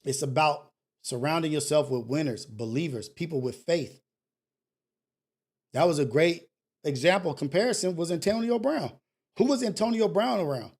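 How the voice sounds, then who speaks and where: High-voiced blunt male show host. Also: moderate pace, a little mellow. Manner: emphatic, repetitive, blunt and profane. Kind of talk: casual motivational talk show rant.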